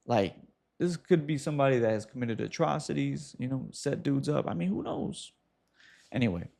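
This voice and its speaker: Man, mid-pitch and gravelly, casual advice-talk host, animated delivery. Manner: animated, talks straight to viewer with quick asides.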